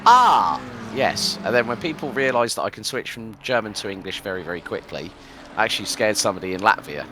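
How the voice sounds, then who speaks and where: A man's voice: on the low side, quick pace, background noise. A man from the UK commentating a live sim race, chatty and rambling with lots of fillers. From United Kingdom.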